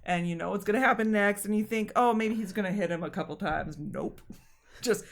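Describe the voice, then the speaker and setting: A woman co-hosting a podcast, chatting casually about a movie, laughing often and acting out scenes in quick little voices. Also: mid-range voice. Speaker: podcast co-host. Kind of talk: casual movie review chat.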